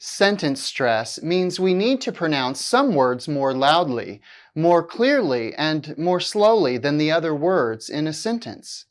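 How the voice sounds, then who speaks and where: A woman teaching English, reading a scripted lesson slowly and deliberately, with exaggerated stress on key words. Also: low-pitched, sing-song.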